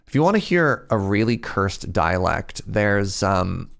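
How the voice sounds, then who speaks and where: A man hosting a game livestream, chatting casually as he plays. He talks at a slow, easy pace with a gravelly fry in his voice. He reads chat messages aloud and reacts to them as he goes. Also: fairly low pitch, sing-song, a bit bright. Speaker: game streamer.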